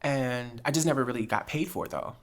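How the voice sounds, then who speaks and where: Gravelly-voiced woman from New Jersey. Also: extremely low pitch, a little fast. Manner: animated, acts out quoted dialogue, frequent laughs. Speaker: podcast host. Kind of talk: casual storytelling chat.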